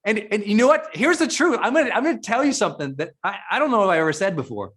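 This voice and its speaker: A man's voice: sits high, big pitch swings, racing, a bit bright, slight background noise. A middle-aged man from Montana giving an emphatic, emotional motivational speech to a live audience, often restarting his sentences. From Montana, USA. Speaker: keynote speaker.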